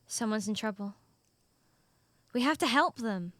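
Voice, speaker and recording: Plucky young girl knight, played by a woman; high, earnest, determined. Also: expressive, unhurried, background noise. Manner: earnest, determined, bossy with her pig. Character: brave young girl who wants to be a knight. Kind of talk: animated story acting.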